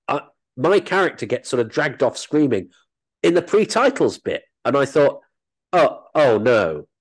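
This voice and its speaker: A man who works as an actor and comedian, telling animated, self-deprecating anecdotes as an interview guest. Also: a little high, normal speed, slightly rough.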